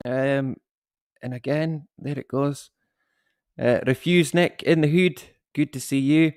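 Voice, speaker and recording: Slow, jokey man hosting a livestream. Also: medium pitch, steady tone, a little mellow, dry recording, clean studio sound. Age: 30s. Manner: jokey, self-mocking, swears casually, laughs often. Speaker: livestream host. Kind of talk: casual livestream chat greeting viewers. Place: at home.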